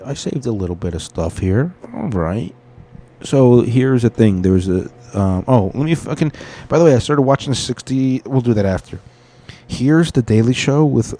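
A man's voice: on the low side, warm tone. Rambling, profane podcast host man. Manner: rambling, profane, easily sidetracked. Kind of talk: casual profane commentary.

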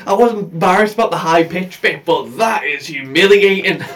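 A man's voice: high voice, lively intonation, moderate pace, fairly bright tone. Laughing man telling stories, slightly distant. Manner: laughing storyteller, swearing. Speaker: podcast co-host. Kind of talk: casual chat.

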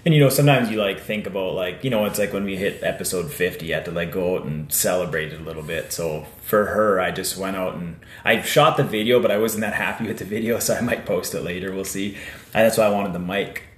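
A man with a fairly low voice talks in a laid-back, rambling way, thick with fillers and casual swearing. He co-hosts a relaxed podcast chat, and the sound carries a roomy echo. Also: quick pace. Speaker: podcast co-host.

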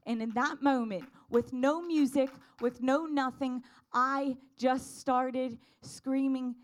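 A woman's voice: sits high, fairly even intonation, slow. A woman telling a personal faith testimony in an earnest, fervent way, building to emphatic declarations.

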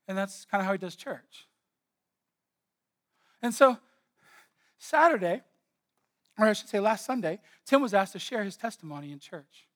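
High-voiced preacher man, emphatic repeats. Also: expressive, moderate pace, long pauses, fairly bright tone. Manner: emphatic, builds with repeated phrases. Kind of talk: sermon.

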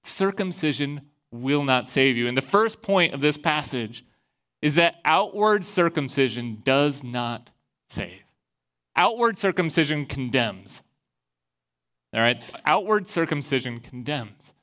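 A pastor from Iowa, a man giving a sermon and telling a personal story in a lively way, acting out the voices he quotes. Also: fairly high pitch, unhurried. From Iowa, USA.

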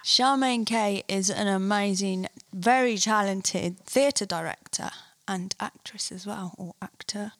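A woman's voice: mid-range voice, a bit bright, no echo. A woman co-hosting a podcast in casual, giggly chat. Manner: chatty, giggly, quick asides. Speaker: podcast co-host.

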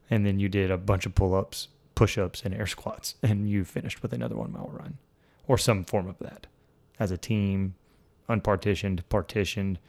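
A man with a low voice hosts a relaxed podcast chat. He teases his guest in a playful way and laughs a lot. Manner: playful, teasing, laughs often. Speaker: podcast host. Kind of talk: casual chat.

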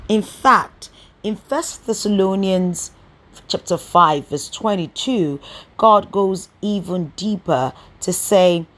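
A woman leads a Bible study in a slow, mid-range voice with a slight brightness. She is emphatic, leans on rhetorical questions, and hits key words with sudden bursts.

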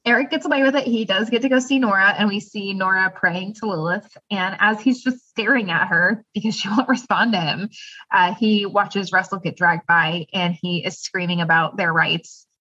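A woman co-hosting a podcast, retelling a TV episode in lively, casual chat and laughing easily. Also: mid-range voice, no echo. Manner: lively storyteller, quick laughs. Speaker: podcast co-host. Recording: dull lo-fi dry sound.

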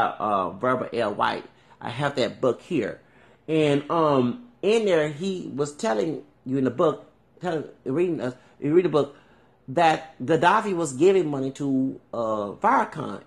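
A man's voice: medium pitch, gravelly. A man from Houston hosting a podcast, talking in a rambling monologue and often tagging "okay?" onto his points. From Houston, Texas. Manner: digressive, repeats "okay?". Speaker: podcast host.

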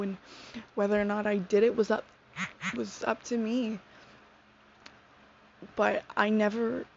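Sincere teen girl, slightly gravelly. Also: medium pitch. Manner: sincere, soft-spoken, reflective. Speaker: speaker sharing a faith testimony. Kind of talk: earnest personal testimony. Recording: dull lo-fi sound with faint noise.

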